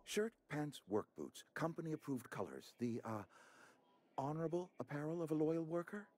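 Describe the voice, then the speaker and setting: Playing a pompous, middle-aged outpost administrator in a video game, a man speaks in a formal, fussy, fawning manner. His voice sits on the high side, expressive and darkish, at a moderate pace.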